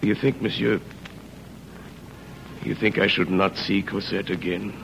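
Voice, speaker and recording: An actor playing a remorseful ex-convict, speaking in a grave, halting, low voice in an old radio drama. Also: male voice, fairly even intonation, fairly bright tone, a little hiss or hum, heavily acted, poor audio. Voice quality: deep, gravelly. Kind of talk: 1930s radio drama acting.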